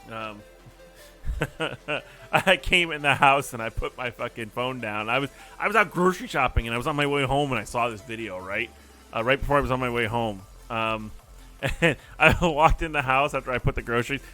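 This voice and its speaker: A man's voice: medium pitch, bright, forceful tone. A man hosting a livestream from his apartment, ranting in a heated, profane, casual way and talking to his chat. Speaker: livestream host.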